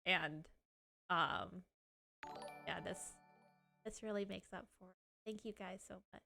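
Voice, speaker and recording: A woman's voice: fairly low pitch, unhurried, gravelly, music in the background. A woman streaming live, chatting casually, giggling, swearing and teary as she thanks her viewers.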